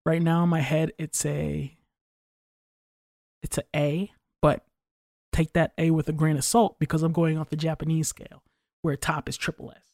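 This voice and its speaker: A man's voice: a little high, little pitch movement, normal speed, gravelly, pauses often, darkish tone, no room sound, studio quality. A man chatting casually on a podcast, opinionated and rambling, with frequent swearing. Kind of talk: casual chat.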